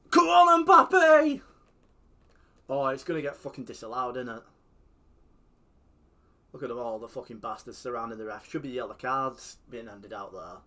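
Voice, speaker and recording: Male streamer, casual and foul-mouthed, reacts loudly to every goal and foul. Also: mid-range voice, fairly quick, pauses often. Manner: sweary, excitable, shouts at the game. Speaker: streamer playing a football manager game. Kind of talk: casual gaming commentary.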